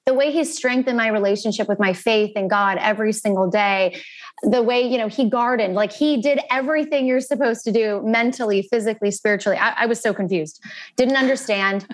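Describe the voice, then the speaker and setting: A woman in her thirties, a guest in an interview, telling a personal story in an earnest, animated way and acting out the voices of the people in it. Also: fairly high pitch. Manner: earnest and animated, acting out quoted phone calls.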